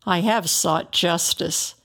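A woman's voice: on the low side, slow, fairly bright tone, exaggerated voice. A woman voicing a grieving, ruined man in a storybook reading, anguished and pleading as he questions God.

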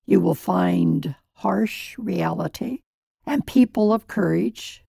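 A woman narrating a scripted story in a measured, solemn reading. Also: lowish voice, gravelly, dark tone, breathy edge, dry recording, clean studio sound.

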